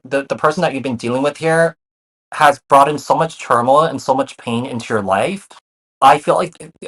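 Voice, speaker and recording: A man's voice: medium pitch, fairly bright tone. A man giving a casual tarot reading to his viewers, often repeating himself and using fillers like "you know" and "kinda". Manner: repeats phrases, many fillers, reassuring. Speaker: tarot reader.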